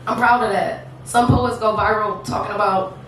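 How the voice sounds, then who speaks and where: A woman's voice: medium pitch, fairly even intonation, moderate pace, a bit bright. A woman in her thirties performing spoken word poetry live on a theatre stage, with a rhythmic repeated refrain and banter with the crowd. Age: 30s. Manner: rhythmic, repetitive refrain delivery with frequent laughter and crowd banter. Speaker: featured poet. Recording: echoey theatre, distant mic, audible hiss.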